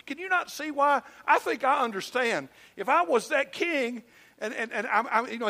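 An older pastor from Georgia with a Southern accent preaches a sermon, telling stories in a folksy, emphatic manner laced with humor. His voice is high, creaky, and sharp in tone.

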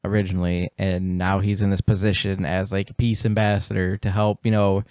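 Fast talking guy joking around on a movie podcast, dead dry sound. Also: deep voice, flat delivery, darkish tone, clear, resonant tone, dry recording. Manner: quick, conversational, jokey. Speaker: podcast co-host. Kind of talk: casual movie discussion.

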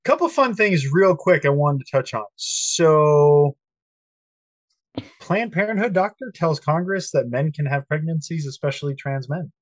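A man's voice: fairly high pitch, lively intonation, measured pace, no echo. A man co-hosting a casual podcast over a video call, crude and profane, mocking and ranting. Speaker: podcast co-host. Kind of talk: casual chat.

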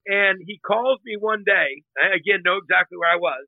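A man telling casual stories as a guest, animated and doing quick voices of the people in them. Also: high voice, no room sound. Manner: animated, imitates others' voices in anecdotes. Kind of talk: casual storytelling. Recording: tinny phone-line sound.

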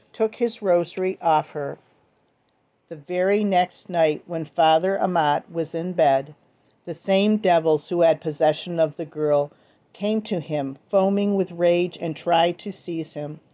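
A woman reading a devotional text aloud in a slow, earnest, gentle manner. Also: lowish voice, highs cut off. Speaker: devotional reader.

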